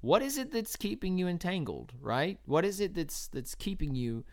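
A woman preaching an earnest, encouraging sermon, rising to loud cheering and dropping to soft, quiet appeals. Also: on the low side, sing-song, normal speed.

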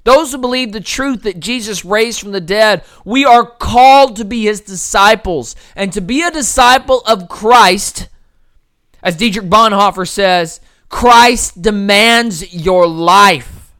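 A young man delivering a sermon, pressing hard on key words and then dropping low and quiet, stretching important words out slowly for weight. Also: no room sound, studio quality. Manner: swings from loud emphatic peaks to low quiet passages. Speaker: preacher.

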